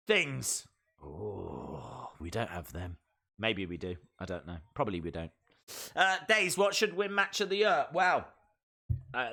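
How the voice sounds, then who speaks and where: A man hosting a live reaction stream, chatting casually and excitedly to his viewers as he thinks out loud. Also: fairly high pitch.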